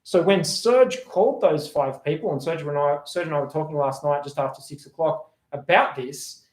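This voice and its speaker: Energetic man coaching on sales. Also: fairly high pitch, normal speed. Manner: energetic, acts out sample phone calls. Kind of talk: webinar sales training talk. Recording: roomy echo.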